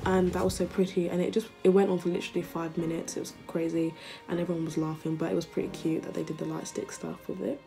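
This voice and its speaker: A woman vlogger chatting casually and gushing like an excited fan. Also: on the low side, fast talker, gravelly, faint music behind. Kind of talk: casual chat.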